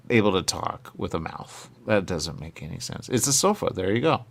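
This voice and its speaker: Gravelly low-voiced man, goofy banter. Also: very animated, moderate pace, few pauses. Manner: goofy, circular arguing with big pitch jumps. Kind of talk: absurd comedic banter.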